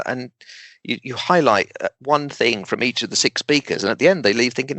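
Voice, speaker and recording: A man speaking at medium pitch, a humorist invited as a guest, chats in an informal interview with lively emphasis, deadpan jokes and purposeful pauses. The recording is dry.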